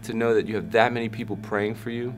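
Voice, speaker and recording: Low-voiced man telling a personal story. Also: quick pace, music in the background. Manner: animated storyteller, acts out quoted voices. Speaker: Christian hip hop artist. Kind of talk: storytelling interview. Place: backstage at a concert.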